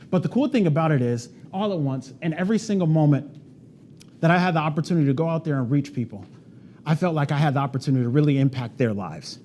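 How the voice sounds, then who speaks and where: A man giving a conference presentation, telling a story in a casual, animated way, with lots of "like" and "right?". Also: a little high, fast. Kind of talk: storytelling keynote talk. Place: event stage before an audience.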